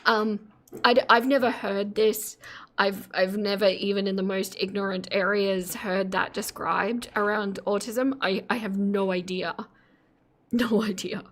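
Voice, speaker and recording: A woman hosting a live stream, chatting casually with giggles and self-mocking asides. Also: mid-range voice.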